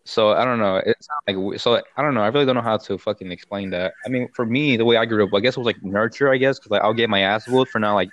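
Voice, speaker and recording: Hesitant young man with a low voice. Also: a bit bright, highs cut off. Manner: hesitant, halting, many fillers and restarts, laughs often. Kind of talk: casual chat.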